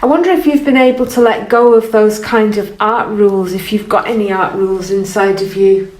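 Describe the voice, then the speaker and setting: A woman gently guiding an art lesson while she paints, encouraging and thinking aloud. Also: medium pitch, fairly even intonation, fairly quick. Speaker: art teacher. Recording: roomy, from off the mic, faint noise.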